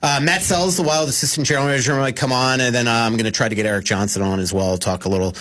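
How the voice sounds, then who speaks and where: Brief: male hockey reporter, radio guest, rambling and casual, mid pitch. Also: fairly even intonation, rapid-fire, a bit bright. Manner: rambling, full of fillers and restarts. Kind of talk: casual radio sports talk.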